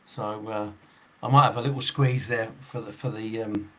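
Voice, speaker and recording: A man's voice: on the low side, fairly even intonation, moderate pace. A man in his sixties, a football referee hosting a podcast, chatting casually in a rambling way, chuckling often and restarting his sentences. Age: 60s.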